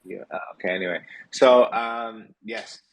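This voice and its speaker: A man's voice: lowish voice, normal speed, rough recording. A tired man hosting a casual live audio Q&A, rambling with many fillers and yawning late at night. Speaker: host of a community Q&A.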